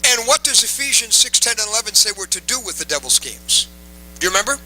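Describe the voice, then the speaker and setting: A man's voice: sits high, sing-song, fast talker, sharp tone, slight background noise, low-quality recording. A man preaching a sermon to a live audience, emphatic and repeating key phrases, coaxing the crowd to respond.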